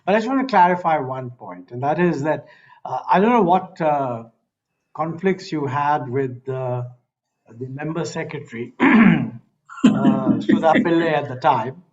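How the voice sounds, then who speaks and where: A man with an Indian English accent answering a criticism on a panel, measured with frequent hesitations. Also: on the high side, animated, a little mellow, highs cut off. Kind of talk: panel discussion.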